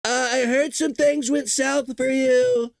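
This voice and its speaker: A man doing an impression of a boastful male president leaving a halting, drawn-out phone message. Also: very high voice, flat delivery, vocal fry, no echo, clean studio sound, pitched above the performer's own voice, full character voice. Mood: cheery.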